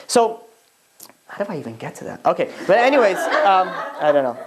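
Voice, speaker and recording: A rabbi giving an informal Torah class. He talks in a rambling, animated way, full of asides and acted-out bits of dialogue. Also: high-pitched, a little fast, crowd noise.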